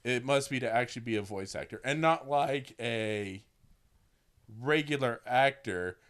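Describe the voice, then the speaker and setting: A man's voice: mid-range voice, unhurried, a bit bright. A man hosting a podcast, chatting casually and rambling a little as he corrects himself. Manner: rambling, with fillers and self-corrections. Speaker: podcast host. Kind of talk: casual chat about a documentary.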